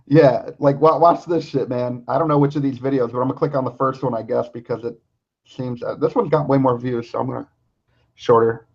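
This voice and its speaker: A man's voice: medium pitch, steady tone, moderate pace, gravelly, pauses often, darkish tone. A man hosting a podcast in casual chat, talking bluntly and swearing constantly. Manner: blunt and heavily profane. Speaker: podcast host. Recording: dull lo-fi recording.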